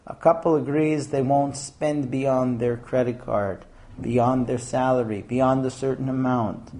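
A man's voice: medium pitch, measured pace. A man teaching a class, explaining his points with examples and acting out scenes. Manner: animated, acts out scenes in different voices. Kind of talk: lecture to a class.

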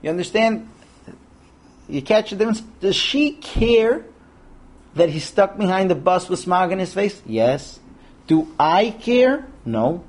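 A man leading a Torah class, talking with a somewhat high voice. He is lively and animated, slipping into the voices of the people he quotes and throwing rhetorical questions at his listeners. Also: measured pace. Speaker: rabbi teaching a Torah class. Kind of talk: lecture to a class of men.

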